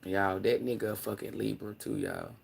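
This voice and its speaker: A man chatting casually on a livestream, rambling and profane, swinging between loud excited bursts and low mutters. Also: moderate pace, gravelly, slight background noise. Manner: profane, slangy, laughs often. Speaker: livestream host.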